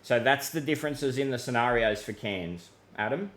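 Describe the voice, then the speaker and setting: Australian male weather host, relaxed live-stream chat, easygoing and mate-heavy, mid-range voice. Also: mid-range voice, normal speed. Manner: laid-back, chatty, calls people mate, many fillers. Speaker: weather forecaster hosting a live Q&A.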